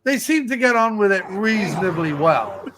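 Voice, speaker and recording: A man's voice: sits high, moderate pace, slight background noise. A middle-aged man, co-hosting a podcast in casual, sarcastic chat. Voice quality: animated, sarcastic riffing. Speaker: podcast co-host.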